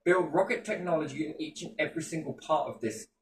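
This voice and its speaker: A man's voice: fairly high pitch, fast talker. Ranting British man in an echoey room. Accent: British English. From Britain. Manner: passionate ranting with swearing. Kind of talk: casual chat. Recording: echoey room, distant mic, faint ambience.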